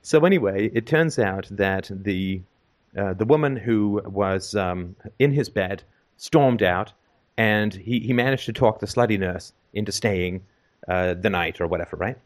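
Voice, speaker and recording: Rambling man with a lowish voice. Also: a little slow. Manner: rambling, many fillers and restarts. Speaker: storyteller in conversation. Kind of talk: casual anecdote.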